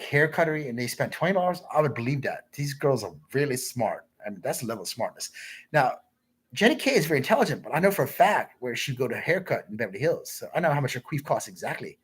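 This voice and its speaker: On a livestream, a man with a husky, breathy voice rambles fast and expressively through crude, repetitive stories, his pitch swinging widely up and down. Every so often he breaks off to read viewer comments aloud.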